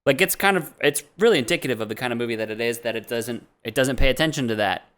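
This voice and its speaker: A man's voice: mid-range voice, fast, a bit bright. A man co-hosting a casual podcast chat, thinking aloud in a bemused way with restarts. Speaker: podcast co-host.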